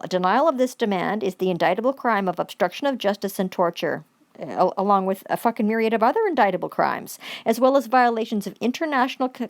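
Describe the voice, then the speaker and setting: Woman, heated accusatory rant, heavy swearing, reads legal demands aloud. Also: medium pitch. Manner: reads out formal demands between outbursts. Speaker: vlogger. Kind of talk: angry profane rant.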